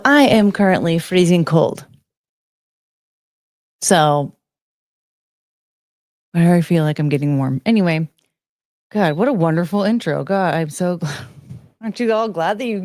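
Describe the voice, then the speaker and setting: A young woman rambles through a casual live stream, chatting loosely with her viewers. Her voice sits fairly low, and the sound is dry and close with no room around it. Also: a little slow, long pauses, a little mellow, dry recording. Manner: rambling, chatty, greets chat viewers by name. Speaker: livestream host.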